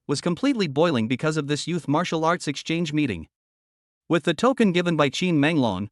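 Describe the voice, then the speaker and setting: A man narrating a web novel audiobook in a steady, even storytelling voice. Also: on the high side, dry recording, studio quality.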